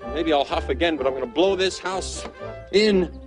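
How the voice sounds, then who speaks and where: An actor playing a blustering, impatient male big bad wolf in a TV fairy-tale comedy, with an offhand, flat delivery. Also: on the high side, normal speed, over music, natural voice.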